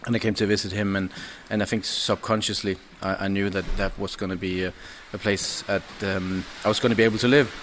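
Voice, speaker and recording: A man, a podcast guest chatting casually and haltingly, with many restarts and fillers. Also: on the low side, fairly even intonation, a bit bright, slight background noise. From Denmark. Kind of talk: casual chat. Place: indoors, over drinks.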